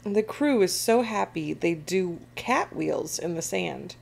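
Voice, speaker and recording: A woman reads a picture book aloud to children, expressive and animated. Her voice sits low with a touch of vocal fry. She takes her time and swings her pitch widely. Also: slow. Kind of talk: storybook read-aloud.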